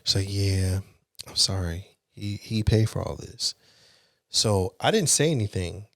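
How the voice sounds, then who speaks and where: A young man with a fairly low voice tells a personal story in a casual podcast chat. He talks candidly and with animation, using frank language. The sound is dry and close to the mic. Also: expressive, a little slow, vocal fry, fairly bright tone, no room sound. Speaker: podcast guest.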